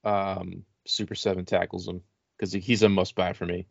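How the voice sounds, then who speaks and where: A man with a fairly low voice talks casually as a podcast co-host, rambling along with lots of ums and uhs. The sound is dry and a little dull, like a lo-fi remote recording. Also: normal speed, vocal fry, no echo. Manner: relaxed, rambling with many fillers. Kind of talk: casual chat about toy purchases.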